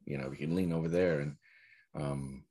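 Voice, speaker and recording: A man giving a dharma talk as a Zen teacher, reflective and searching, with soft laughs. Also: rumbling low, steady tone, normal speed, breathy edge.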